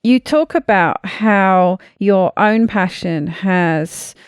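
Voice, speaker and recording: A woman podcast host who asks her guest questions in a measured, deliberate way. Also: medium pitch, clear, resonant tone, no room sound, clean studio sound. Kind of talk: interview questions and read sponsor ad.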